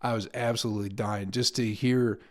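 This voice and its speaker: A man's voice: medium pitch, steady tone, fairly quick. A young adult man, a comedian hosting his own podcast, rambling casually, swearing freely and laughing at his own stories.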